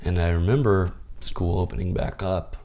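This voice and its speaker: A man's voice: sits low, fairly even intonation, moderate pace, warm tone, a little hiss or hum. A man from the United States, a podcast guest telling stories in a laid-back way, full of "like" and "dude.". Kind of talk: casual storytelling.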